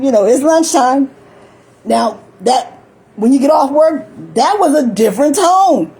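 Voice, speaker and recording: A woman's voice: high voice, animated, unhurried, darkish tone, low-quality recording. An older woman talking in a rambling, chatty monologue, often laughing and acting out little voices. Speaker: vlogger.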